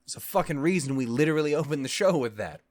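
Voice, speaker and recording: A man's voice: a little high, a little fast, creaky, a crowd in the background. Man gushing in a swearing reaction rant. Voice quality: voice actor's expressive delivery. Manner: emotional, heavy swearing, rambling restarts. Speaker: reaction video host. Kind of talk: casual reaction commentary.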